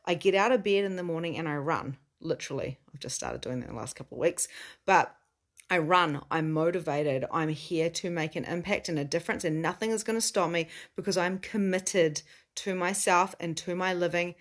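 A middle-aged woman with a somewhat low voice speaks casually to her viewers in a live stream. She talks earnestly and swears offhandedly. She laughs often and moves from slow, weighty statements to excited bursts. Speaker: spiritual coach.

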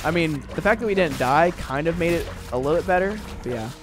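A man's voice: on the high side, expressive, fast. A young man streaming a game, chatting casually with viewers and rambling with lots of fillers. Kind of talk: casual live-stream chat.

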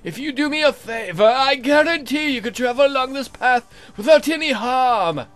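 Man doing a high, hoarse Unseelie spirit. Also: lively intonation, a bit bright, soft background music. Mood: menacing. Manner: slow, theatrical proclamations. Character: hoarse, slow-speaking male Unseelie spirit in a cloak.

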